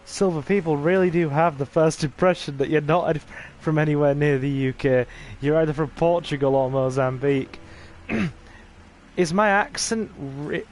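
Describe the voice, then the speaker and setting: A man with a neutral British accent giving relaxed, chatty commentary on his gaming livestream, with wry asides to the game. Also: on the high side, slight background noise.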